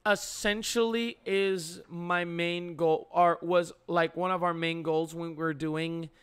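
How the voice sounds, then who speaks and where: A young man chatting with his viewers during a live stream, talking slowly with lots of ums and restarts. His voice is smooth and a little higher than most men's. He speaks into a headset mic. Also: steady tone, a bit bright. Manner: halting, many fillers and restarts. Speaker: streamer host. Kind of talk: casual live-stream chat.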